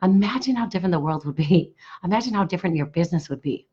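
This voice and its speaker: Hoarse low-voiced woman coach, lo-fi stream. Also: lively intonation, fast talker, dark tone. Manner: enthusiastic, repetitive, pitching a workshop. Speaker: business coach. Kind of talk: live stream talk to viewers.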